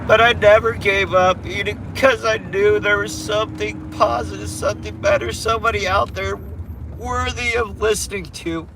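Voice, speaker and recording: A man's voice: high voice, fairly even intonation, normal speed, noisy background. A man livestreaming, giving viewers an earnest, emotional pep talk full of swearing.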